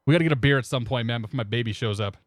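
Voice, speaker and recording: A man's voice: mid-range voice, rapid-fire, no echo, studio quality. A young man streaming a flight sim, rambling casually and greeting his chat by name into a desk microphone. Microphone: new desk microphone.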